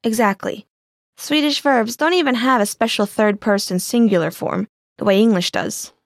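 A woman teaching in a scripted language lesson, explaining clearly and patiently. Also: on the high side, normal speed, no echo, studio quality.

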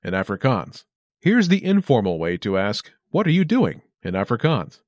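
A man hosts a short language lesson with a clear, upbeat instructional delivery. His pitch swings lively through each phrase, and his voice sounds close and dry, with no room around it. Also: normal speed, no room sound. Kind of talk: scripted lesson narration.

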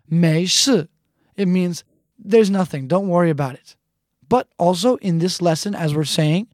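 A woman teaching a language lesson, saying phrases slowly and repeating them with care. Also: fairly low pitch, a little mellow, no room sound, clean studio sound. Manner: slow, deliberate repetition of phrases.

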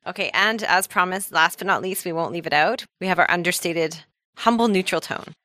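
A woman hosts a scripted podcast language lesson with a co-host, explaining things in an upbeat manner and laughing easily. Her voice is lowish and sharp in tone, her pace brisk, with no echo.

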